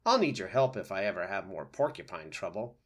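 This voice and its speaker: A man voicing a sly, hungry male fox in a storybook reading, talking high and excitably and begging for food. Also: fairly quick, slightly rough, heavily acted. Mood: scolding.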